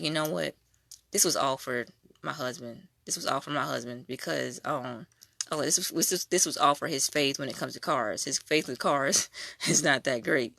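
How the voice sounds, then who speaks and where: A young adult woman tells her faith testimony in a casual, animated way, slipping into other people's voices as she goes. Her voice is bright and edged with vocal fry. The recording is dry and close, with little room sound. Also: a bass voice, no echo. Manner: animated storytelling, acting out quoted voices.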